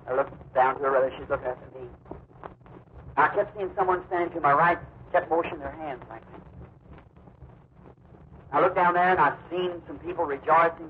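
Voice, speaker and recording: A man preaching a sermon, telling stories and rising to excited high-pitched bursts. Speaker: evangelist preacher. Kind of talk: sermon, testimony storytelling. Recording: tinny lo-fi old sermon tape with hiss.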